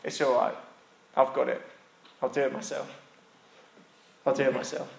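A man's voice: mid-range voice, level tone, normal speed, gravelly. A preacher voicing a grumpy little man who stubbornly refuses free food, in a roomy echoing space.

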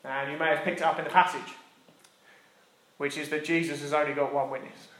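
Animated Essex preacher in echoey church. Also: male voice, a little high, a little fast. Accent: Essex English. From Essex, England. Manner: animated, jokey, drops to soft intimate delivery for emphasis. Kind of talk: sermon.

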